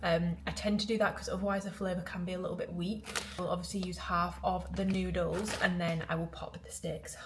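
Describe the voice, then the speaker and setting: A young woman talks casually while cooking at home for her vlog, which is shot on a tripod camera, and she rambles and makes fun of herself. Her voice is on the low side with little pitch movement, and she speaks fairly quickly. The background is noisy.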